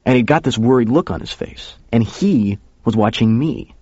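A man's voice: medium pitch, lively intonation, moderate pace, darkish tone, no echo. A man narrating a first-person story in a casual, conversational way. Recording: dull lo-fi recording.

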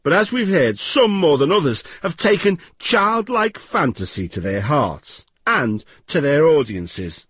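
A man presenting a radio documentary in a measured, wry scripted narration. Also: a little high, big pitch swings, a bit bright, slightly rough, no room sound, dull audio.

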